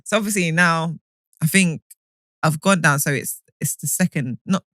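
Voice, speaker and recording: A woman's voice: low-pitched, moderate pace, a bit bright, no room sound. A woman, a podcast co-host, chatting casually and laughing while she tells an anecdote. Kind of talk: casual chat.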